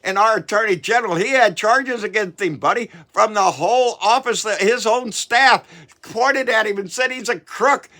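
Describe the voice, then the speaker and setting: A man's voice: high voice, bright, forceful tone. Fired-up man ranting. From Texas. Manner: profane, fired-up, repeats himself and stumbles over words. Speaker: political vlogger. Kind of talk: angry political rant to camera.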